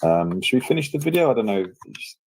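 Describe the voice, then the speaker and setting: A man's voice: fairly low pitch, very animated, fairly quick, vocal fry, darkish tone. A young man giving casual reaction commentary in a mocking, sarcastic tone, with plenty of rhetorical questions.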